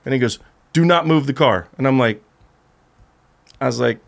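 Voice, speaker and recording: A man's voice: medium pitch, normal speed, gravelly. A man guest on a podcast, telling a rambling story in casual chat and acting out what others said. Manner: rambling storyteller who acts out the other voices.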